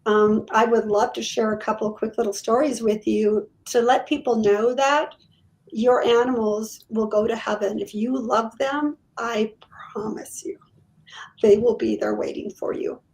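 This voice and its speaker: Middle-aged woman medium, animated storyteller, voice on the high side. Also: unhurried, creaky, poor audio. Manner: animated, acts out quotes. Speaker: psychic medium guest. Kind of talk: casual storytelling in an interview.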